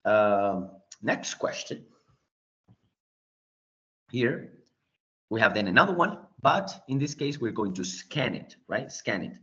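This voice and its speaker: A man teaches an English class online, walking students through a quiz, explaining things and often checking in with "right?". His fairly low, fairly bright voice is sing-song, slow and full of pauses. It's captured on a computer mic during a video call, giving a dull, lo-fi meeting sound.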